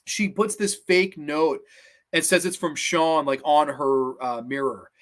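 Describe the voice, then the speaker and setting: A man hosting a horror movie review vlog, talking casually in an excitable, rambling and profane way. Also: on the high side, measured pace.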